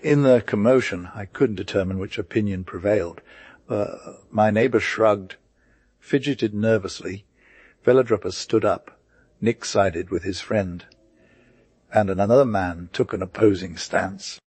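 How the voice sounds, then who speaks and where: A man narrating a novel aloud in a steady reading manner, with the occasional slip and restart. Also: fairly low pitch, measured pace, breathy edge, dry recording. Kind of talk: audiobook reading.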